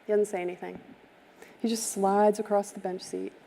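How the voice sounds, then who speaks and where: A woman's voice: mid-range voice, flat delivery, normal speed, vocal fry, warm tone. Woman telling a heartfelt story in a hall. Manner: vivid, heartfelt storytelling that acts out the people in the story. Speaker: summit speaker. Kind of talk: storytelling keynote talk. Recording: live stream from a reverberant hall.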